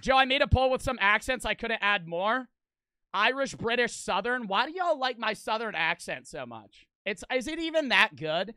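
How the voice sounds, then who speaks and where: Male streamer, casual profane chat, smooth clear voice, dry close sound. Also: high voice, bright, forceful tone, no room sound. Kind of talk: livestream chat, reading donations.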